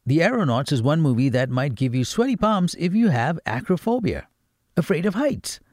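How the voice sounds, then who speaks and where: Lively man on the radio. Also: mid-range voice, dry recording, studio quality. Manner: playful, with jokey asides. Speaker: radio movie reviewer. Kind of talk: radio film recommendations segment.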